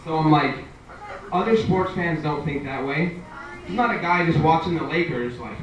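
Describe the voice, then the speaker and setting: A man's voice: on the high side, normal speed. A young man doing a stand-up comedy set, talking conversationally and acting out the people in his stories. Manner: conversational, acts out quoted voices. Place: live comedy venue. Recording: echoey room from far off with noise.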